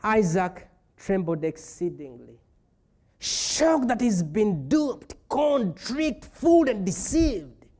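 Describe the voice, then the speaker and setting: A man's voice: sits high, big pitch swings, takes it slowly, a little mellow. A man preaching a sermon as pastor, retelling a scripture story with playful asides.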